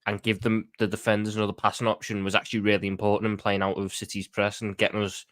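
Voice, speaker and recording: Man, Scouse accent, football guest, lowish voice, dry sound, earnest. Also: monotone, a bit bright, no room sound. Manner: earnest, quick, stumbling restarts. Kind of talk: casual fan debate.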